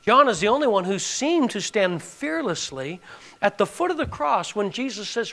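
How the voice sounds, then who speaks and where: A man preaches to his congregation in a high, ringing voice. He leans into phrases for emphasis and keeps firing direct questions at his listeners. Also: sing-song, normal speed, vocal fry, pushed and bright. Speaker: pastor. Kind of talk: sermon.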